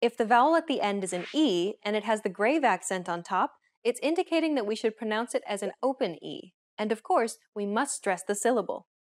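A woman's voice: medium pitch, animated. Woman hosting a scripted language lesson. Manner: clear, measured explaining tone.

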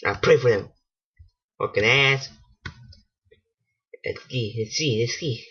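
A man giving casual let's-play commentary, excitable and swearing, laughing at himself. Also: medium pitch, takes it slowly, breathy edge. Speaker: gaming channel host. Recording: dull lo-fi home mic.

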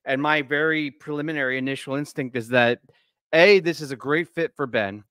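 A man hosting a casual podcast chat, animated and laughing, talking loosely with lots of fillers. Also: fairly high pitch, brisk, smooth, no room sound. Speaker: podcast host.

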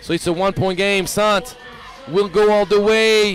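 A man giving live basketball play-by-play, excitable and rising to shouts on big plays. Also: sits high, a little slow, music in the background. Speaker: play-by-play commentator.

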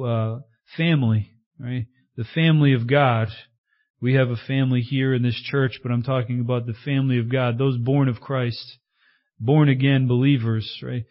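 Man, pastor, conversational sermon, mid-pitched voice, slightly muffled recording. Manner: conversational, tag questions, frequent fillers.

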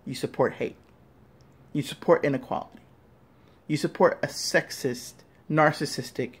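A man giving an angry, profane rant straight to camera, scolding listeners and repeating himself. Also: a little high. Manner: profane, heated, repetitive, scolding. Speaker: vlogger.

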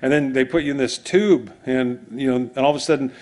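A male pastor giving a relaxed, conversational sermon. He tells it like a story, wandering into asides and restarting sentences as he goes. His voice sits at an ordinary middle pitch for a man. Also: a little fast.

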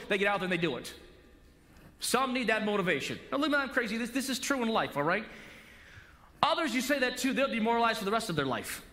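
A male pastor in his forties preaching a sermon in a church, animated and acting out little dialogues. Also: high voice, fast. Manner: animated, acts out coach-and-player dialogue. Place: church sanctuary. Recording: long hall reverb.

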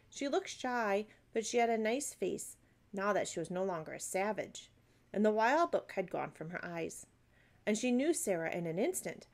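Amateur woman reader on a phone, plain storytelling, occasional slips. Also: medium pitch. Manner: unpolished, with slips and asides. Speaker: audiobook reader. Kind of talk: reading a classic novel aloud.

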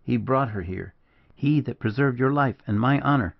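A man's voice: medium pitch, moderate pace, gravelly, dull audio, voice pushed up. A man reading aloud, voicing a passionate, loyal young Spanish woman in an audiobook. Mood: pleading. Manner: pleading, rising and emotional.

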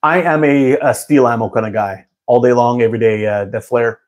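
A man's voice: mid-range voice, fairly even intonation, fairly quick, a little mellow. A man hosting a live stream, chatting casually with viewers in a rambling way and laughing often. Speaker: live-stream host answering chat.

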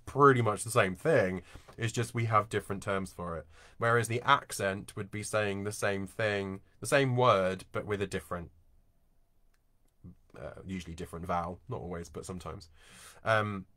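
In an informal online teaching talk, a male voice and accent coach explains voice work in a relaxed, conversational way, walking through points with everyday examples. His fairly low voice still sounds bright and forward, captured in a dry, close video-call recording.

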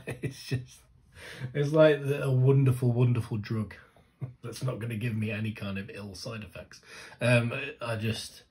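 A man hosting a music reaction, talking casually and rambling with restarts, often gushing and excitable. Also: mid-range voice, unhurried. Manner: gushing, excitable, laughs and sings along. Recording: music playing faintly behind.

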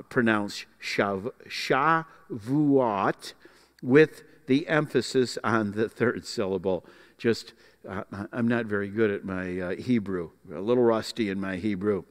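A man's voice: lowish voice, big-room sound. Folksy man teaching a Bible class. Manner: folksy, explanatory, with frequent uh fillers.

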